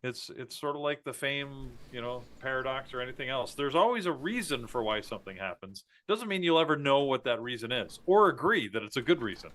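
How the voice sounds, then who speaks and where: Co-hosting a live trading stream, a man rambles casually and laughs at his own jokes. His medium-pitched voice is animated and a bit bright, moving briskly with hardly any pauses.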